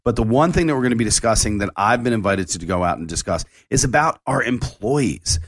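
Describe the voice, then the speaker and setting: A man's voice: medium pitch, expressive, brisk. A man and chef hosting his own radio show, talking casually and rambling with lots of fillers.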